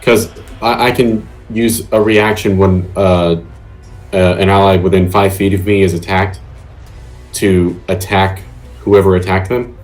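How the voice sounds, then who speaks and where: A man with a very low voice talks as a player in a tabletop game over a video call. He asks direct rules questions in a plain, casual way. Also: level tone, a little slow, faint music behind.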